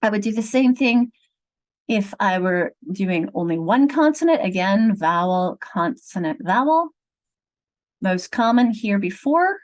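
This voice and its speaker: A middle-aged woman leading an online teacher training on reading, explaining each step in a clear, patient teacherly way over a video call. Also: mid-range voice, animated, measured pace, poor audio. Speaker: literacy trainer.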